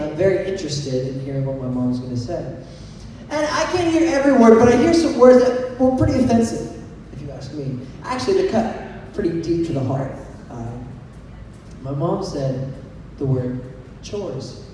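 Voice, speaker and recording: A young man leads a youth sermon, playful and full of jokes, regularly asking his audience to raise their hands. His voice sits fairly high with a mellow tone. He is recorded from a distance in a large hall with a long, echoing reverb and faint background noise. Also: moderate pace. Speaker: youth pastor. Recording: echoey hall recorded from far off.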